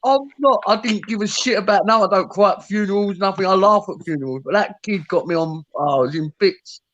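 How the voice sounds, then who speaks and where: A man's voice: sits high, brisk, a bit bright, lo-fi sound. A British man in his thirties chatting bluntly and casually, swearing. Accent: British English. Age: 30s.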